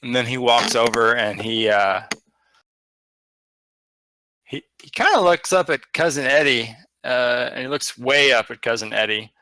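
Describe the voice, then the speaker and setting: A man narrating as dungeon master, describing scenes loosely and with many pauses and fillers. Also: medium pitch, bright, forceful tone, clear, resonant tone, no echo. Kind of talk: narrating a tabletop game.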